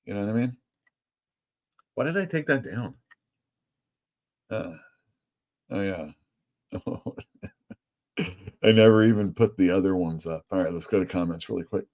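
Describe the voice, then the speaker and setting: A man's voice: deep voice, expressive, darkish tone. A man who owns a comic store, chatting loosely on a live stream, rambling and swearing casually. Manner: chatty and rambling, swears freely, quick laughs. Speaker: comic store owner and show host.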